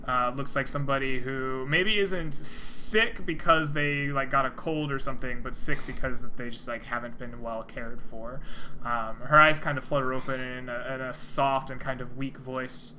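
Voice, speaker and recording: A man's voice: mid-range voice, fairly even intonation, moderate pace, pushed and bright, a little hiss or hum. A man narrating as game master in a tabletop game, describing scenes loosely with many fillers and restarts.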